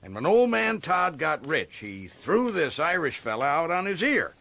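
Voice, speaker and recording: A brash, folksy prison governor in a radio drama. His voice is bright and forceful, with a lively, bouncing melody. He chuckles at his own cleverness as he talks. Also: fairly high pitch, moderate pace, gravelly, full character voice. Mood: chatty.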